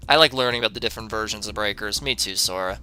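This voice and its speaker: A man's voice: fairly low pitch, very fast, sharp tone, faint music behind. A young man streaming a game, answering chat in a sarcastic, profane way and laughing often.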